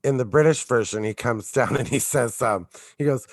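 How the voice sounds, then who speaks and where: A man's voice: mid-range voice, expressive, a little slow, long pauses, fairly bright tone, dry recording, studio quality. A man co-hosting a podcast in casual chat, laughing often and talking enthusiastically. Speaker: podcast co-host.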